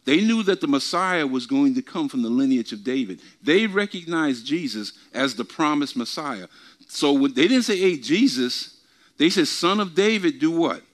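A man teaching from the Bible before a group, often asking questions and repeating his words, reading scripture slowly with emphasis. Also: a little high. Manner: asks the congregation questions and repeats himself. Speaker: preacher. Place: church meeting before a group.

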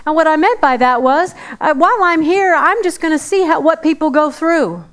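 A woman's voice: sits high, moderate pace, a bit bright. A woman preaching a sermon in a conversational way, repeating phrases for emphasis.

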